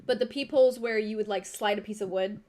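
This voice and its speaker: A young woman runs a tabletop game, painting each scene in unhurried detail. Her voice sits at an ordinary middle pitch. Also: darkish tone. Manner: unhurried, vivid scene-setting. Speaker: game master.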